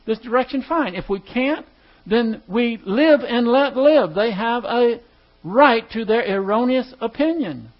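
Guy with a high voice teaching a class, chatty, keeps asking the room stuff, muffled lo-fi sound. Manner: conversational, asks the class questions. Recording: dull lo-fi recording.

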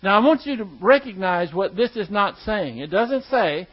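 High-voiced man preaching a sermon. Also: lively intonation, lo-fi sound. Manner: teaching, emphatic with slow stressed words. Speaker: pastor.

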